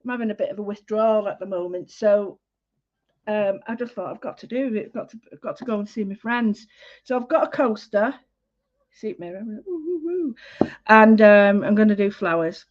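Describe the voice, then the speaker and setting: A woman's voice: mid-range voice, brisk, muffled recording. A woman, hosting a casual livestream art lesson, chatty and full of greetings, often interrupting herself. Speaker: art class host.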